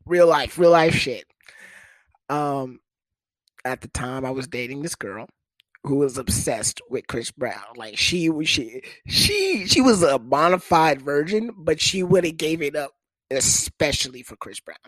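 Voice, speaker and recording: A young man telling a comic story in casual, profane talk, with sudden jumps to high pitch for quoted people. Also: unhurried, fairly bright tone, no echo.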